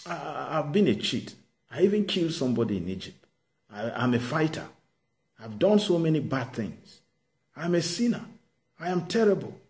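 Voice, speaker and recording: A man's voice: fairly high pitch, big pitch swings, moderate pace, darkish tone, voice pushed up. A man preaching, voicing Moses as a self-doubting man who stammers and protests that he is not fit for the task. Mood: pleading. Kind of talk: sermon with acted quotes.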